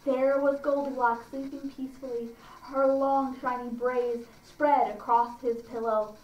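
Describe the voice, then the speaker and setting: A woman at a library reading a fairy tale aloud to children, pausing to comment and ask them questions. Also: sits high, little pitch movement, lo-fi sound, slight background noise. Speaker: library storyteller. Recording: roomy, distant mic, faint ambience.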